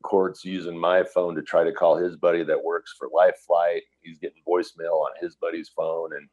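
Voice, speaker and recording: A man's voice: low voice, flat delivery, moderate pace, a little mellow. A middle-aged man earnestly recounting a personal story in conversation, acting out what people said. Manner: earnest, vivid retelling full of quoted dialogue. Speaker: guest telling a personal story. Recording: dull lo-fi recording.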